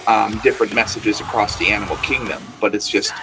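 Male podcast host, rambling and excitable, lower voice, music bed behind. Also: fairly quick. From Australia. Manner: rambling, excitable, swears casually. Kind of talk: casual podcast interview chat.

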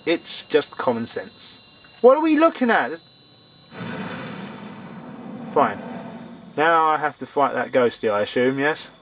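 A man's voice: on the high side, sing-song, moderate pace, a bit bright, slight background noise. A man commentating a horror game, sarcastic and shrieking when startled. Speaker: let's play gamer.

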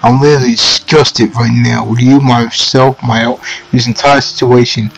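A man voicing a sullen, hostile teenage boy in a dating game, speaking with sarcastic disgust in a gravelly voice. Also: medium pitch, level tone, moderate pace, poor audio.

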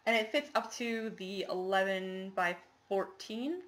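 A woman's voice: mid-range voice, unhurried. A woman chatting casually to the camera in a show-and-tell video, rambling with lots of fillers and apologies. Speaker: cross-stitch vlogger.

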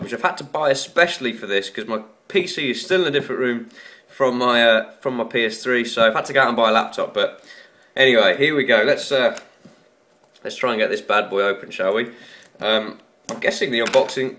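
Male tech vlogger, chatty and self-deprecating, bright edge to the voice. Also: mid-range voice, expressive, brisk. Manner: rambling, chatty and self-mocking. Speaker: tech YouTuber. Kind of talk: casual unboxing vlog.

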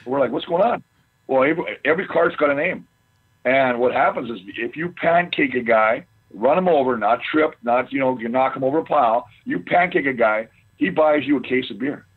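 Male interview guest, husky, loose and chatty, heard over a thin phone line. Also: medium pitch, a little fast. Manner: rambling, animated storyteller with many restarts. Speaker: guest, former football player. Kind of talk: casual storytelling interview.

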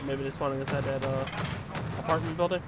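A man giving live gameplay commentary, excitable and swearing, trash-talking the other players. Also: mid-range voice, fast talker, very noisy. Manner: excitable, profane trash talk. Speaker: gamer. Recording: loud game gunfire and vehicles over voice. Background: shooter game gunfire and explosions.

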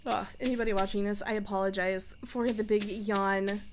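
A woman's voice: medium pitch, steady tone, moderate pace, a little hiss or hum. A young woman giving playful, chatty commentary while playing a farming game, talking to herself and her viewers. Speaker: gaming youtuber. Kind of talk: casual let's-play commentary.

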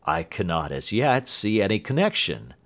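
A man's voice: lowish voice, sing-song, normal speed, fairly bright tone, heavily acted. A man reading an audiobook who voices an earnest, loyal Victorian male doctor asking plain questions. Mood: questioning.

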